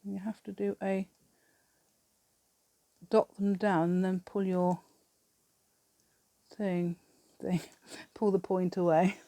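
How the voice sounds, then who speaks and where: A woman's voice: mid-range voice, little pitch movement, takes it slowly, pauses often, warm tone, dry recording. A British woman hosting a craft channel, chatting through a crafting demonstration and rambling to herself with giggly asides.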